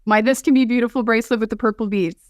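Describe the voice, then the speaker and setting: A woman's voice: a little high, fairly even intonation, very fast, no room sound, clean studio sound. A woman guest on a podcast, speaking earnestly and from the heart, often restarting her sentences.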